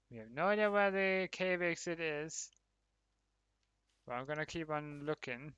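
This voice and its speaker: Male streamer, slightly high voice, tense and bright tone, casual commentary to chat. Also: unhurried, smooth, dry recording, muffled recording. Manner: chatty, talks to viewers, laughs often. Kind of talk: casual livestream commentary while gaming.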